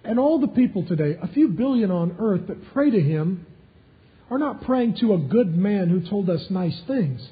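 Man, pastor, sermon, high-pitched, emphatic, dull muffled recording. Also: expressive, moderate pace. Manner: emphatic, building to loud intense climaxes.

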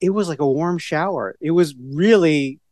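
A man's voice: fairly high pitch, moderate pace, darkish tone, dry recording. A middle-aged man co-hosting a casual podcast chat, rambling from one story to the next with many restarts. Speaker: podcast co-host.

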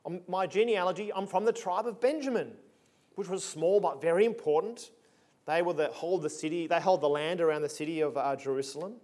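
A man's voice: a little high, fairly quick, a little mellow. A man preaching a sermon in a conversational, emphatic way with punchy asides.

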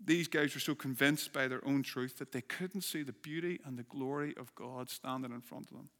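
A man's voice: mid-range voice, moderate pace, a bit bright. A man preaching a sermon as a pastor, earnest, building emphasis and asking rhetorical questions. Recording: long reverb of a hall.

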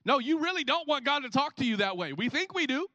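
Bright, high-voiced man preaching. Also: fast, dry recording, highs cut off. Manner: animated storytelling, acts out scenes. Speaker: pastor. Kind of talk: sermon. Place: church.

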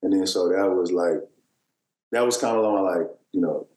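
A man's voice: sits low, normal speed, dark tone, reverberant, rough recording. A man in his thirties, a basketball player telling a long, meandering story with lots of fillers and restarts, as a guest on an interview show. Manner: rambling, filler-heavy storytelling with many restarts. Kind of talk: casual storytelling.

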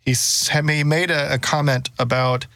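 Guy tossing in jokes and quick comebacks, dry close sound. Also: on the high side, steady tone, sharp tone, dry recording. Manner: joking, quick interjections. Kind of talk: casual discussion.

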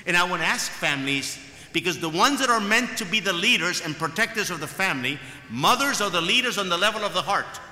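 Bright, lively-voiced preaching man. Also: high voice, quick pace. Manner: emphatic preaching with repeated phrases. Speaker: priest. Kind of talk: sermon. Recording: echoey hall with long reverb.

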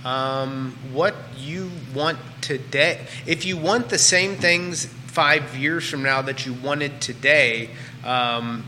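A man in his forties, a talk show guest, speaking haltingly with many fillers. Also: mid-range voice, pushed and bright, a little hiss or hum. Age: 40s. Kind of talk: casual talk show chat. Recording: room with long reverb.

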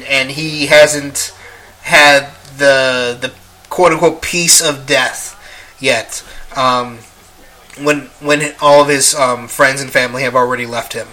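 Bright-voiced young man, rambling and profane. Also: fairly high pitch. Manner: profane, rambling with many fillers. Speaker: movie reviewer. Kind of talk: casual spoken review.

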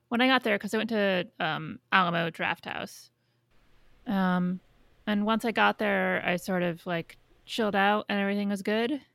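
A woman's voice: medium pitch, gravelly, a bit bright, dry recording. A woman co-hosting a podcast in casual chat, thoughtful and hesitant, with lots of "um" and "like". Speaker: podcast co-host.

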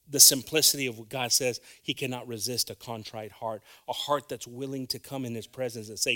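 A male pastor preaching a sermon, dropping into hushed whispers and then rising to emphatic, loud lines. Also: mid-range voice, fairly even intonation, moderate pace.

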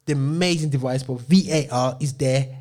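A man co-hosting a show, arguing excitedly about football in casual banter. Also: mid-range voice, normal speed. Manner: excitable, argumentative, stammering restarts. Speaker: co-host.

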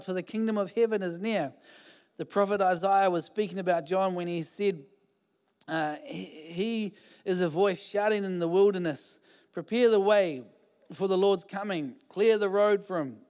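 High-voiced man preaching in a reverberant hall. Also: a little mellow, clean tone. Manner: chatty, informal preaching with many fillers and restarts. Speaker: pastor. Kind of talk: sermon. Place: church hall.

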